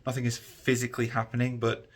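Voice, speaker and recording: A man's voice: medium pitch, monotone, fast talker, slightly rough. A tired man, chatting casually to camera in a rambling, easygoing vlog. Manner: rambling, easygoing, many fillers. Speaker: vlogger.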